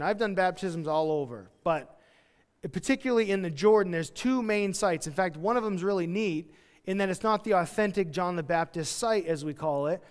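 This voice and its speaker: A man preaching a sermon as pastor, chatty and self-deprecating, with quick acted-out quotes. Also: on the high side, long reverb tail. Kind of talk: verse-by-verse sermon. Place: church sanctuary.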